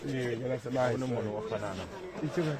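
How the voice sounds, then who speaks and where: A man's voice: medium pitch, fairly even intonation, normal speed, poor audio. A man guiding visitors around an elephant sanctuary outdoors, praising their photos and explaining the animals in an encouraging way. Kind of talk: live guided tour commentary. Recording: outdoor crowd chatter in background. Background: visitors chatting nearby.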